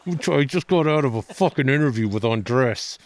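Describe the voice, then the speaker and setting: A man's voice: medium pitch, lively intonation, moderate pace. A man who is a comedian guest, telling stories in a rambling, profane, self-deprecating way on a podcast. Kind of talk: casual podcast storytelling.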